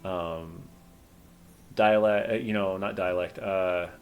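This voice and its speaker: A man's voice: low voice, steady tone, slow pace, a little hiss or hum. A man acting as game master and host of a convention panel, chatting casually and rambling with plenty of fillers. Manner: rambling, self-deprecating, many fillers.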